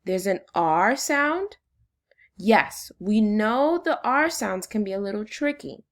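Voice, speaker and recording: A woman teacher leading a phonics lesson for children, slowly and encouragingly sounding out syllables. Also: mid-range voice, lively intonation.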